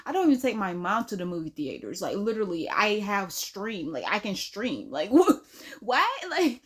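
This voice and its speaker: A woman's voice: mid-range voice, big pitch swings, normal speed, slightly rough. A woman hosting a reaction video, talking in a sassy, casual way straight to the viewer. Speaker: reaction host.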